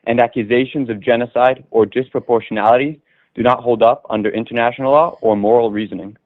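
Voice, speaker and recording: A young man in his late teens calling in, speaking quickly and reciting prepared points. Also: medium pitch, steady tone, no echo. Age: young adult. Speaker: caller. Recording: tinny dry phone line.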